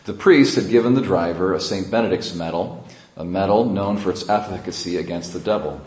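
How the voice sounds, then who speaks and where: Low-voiced priest preaching in an echoey church. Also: male voice, a little mellow. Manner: storytelling with rising emphasis and pauses. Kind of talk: sermon. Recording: echoey, dull church recording.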